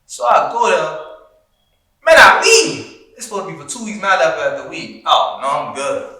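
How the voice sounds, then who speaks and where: A man, a former football player telling stories on a podcast in a casual, animated way, acting out the people he quotes. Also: sits high, normal speed. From Louisiana, US. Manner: animated, acts out quoted voices, profane slang. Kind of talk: casual storytelling. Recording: echoey room, distant mic.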